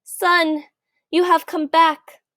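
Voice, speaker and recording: A woman's voice: very high-pitched, little pitch movement, takes it slowly, a bit bright, no room sound, voice pushed up, exaggerated voice. A woman voicing a remorseful old male father mouse who pleads in a trembling voice. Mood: pleading remorseful.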